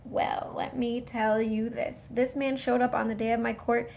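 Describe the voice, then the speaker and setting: A woman with a gravelly, creaky edge to her voice, pitched a little high. She tells a rambling personal story, talking straight to her viewers in an easygoing vlog style. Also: flat delivery, moderate pace, darkish tone, a little hiss or hum. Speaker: vlogger. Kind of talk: casual storytelling to camera.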